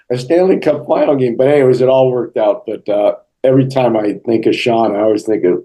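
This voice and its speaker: A middle-aged man in an interview, telling lively stories and acting out the quotes. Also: medium pitch, fairly quick, hardly any pauses, poor audio. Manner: animated storyteller, acts out quotes. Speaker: interview guest, hockey broadcaster. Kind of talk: storytelling interview answers.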